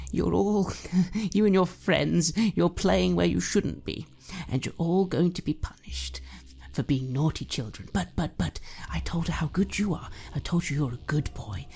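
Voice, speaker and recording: A woman's voice: sits low, unhurried, creaky, a little mellow, breathy edge, pitched above the performer's own voice, heavily acted. A woman voicing a tipsy, doting, sinister mother who coos, stammers and drops into whispers. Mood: wheedling.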